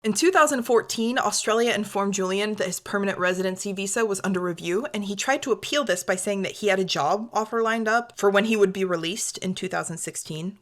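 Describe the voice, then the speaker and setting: A young woman with a bright, ringing voice recounts a crime case to her podcast co-host. She keeps it loose and conversational, tossing in swear words and plenty of "like". The tone is casual true-crime chat. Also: medium pitch, brisk, hardly any pauses. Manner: chatty, swears, heavy use of "like".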